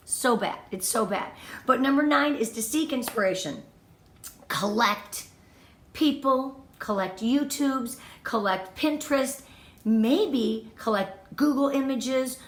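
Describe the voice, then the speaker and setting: A woman's voice: fairly high pitch, roomy sound. A woman leading a motivational training talk for her sales team, enthusiastic and emphatic, counting off tips and repeating her key points. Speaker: direct sales team leader.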